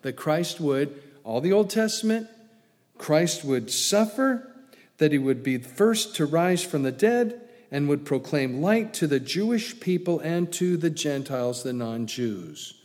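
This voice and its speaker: A man preaching a sermon, telling the story with energy, acting out the quotes and dropping from loud to hushed. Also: on the high side, lively intonation, measured pace. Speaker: pastor. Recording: long hall reverb.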